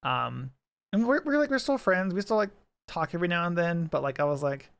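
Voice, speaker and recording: A man in his thirties, co-hosting a podcast, spins casual stories and laughs often. His voice sits a little high and carries a gravelly, rough edge. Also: animated, a little fast, fairly bright tone. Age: 30s. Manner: chatty storyteller, laughs often. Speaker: podcast co-host. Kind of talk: casual chat.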